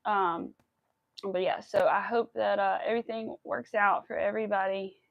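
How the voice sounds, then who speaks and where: A woman's voice: medium pitch, steady tone, normal speed, vocal fry, no echo, dull audio. A woman in her thirties hosting a crochet live stream, emotional and near tears, rambling with many fillers. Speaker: crochet livestream host. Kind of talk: casual live stream chat.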